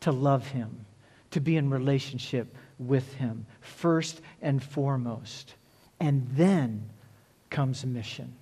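A man's voice: medium pitch, takes it slowly, warm tone, slightly rough. A male pastor preaching a sermon earnestly, repeating key phrases for emphasis.

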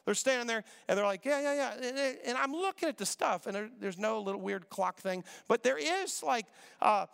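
A middle-aged man preaching, telling a story in a quick, conversational way and acting out the dialogue. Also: high voice, animated, vocal fry, fairly bright tone, smooth. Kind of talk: sermon storytelling. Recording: reverberant hall.

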